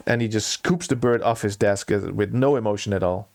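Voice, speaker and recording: A man's voice: lowish voice, a little fast, creaky, few pauses, darkish tone. A man narrating a tabletop game as game master, telling the story vividly and dramatically.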